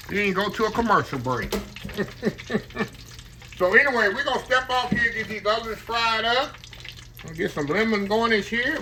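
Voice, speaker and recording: Slightly high-voiced, this home cooking channel host fries shrimp and chats with viewers in a folksy, easygoing demonstration. He often calls them "y'all" and laughs at his own jokes. The kitchen and frying sounds are recorded clearly, with oil sizzling in the background.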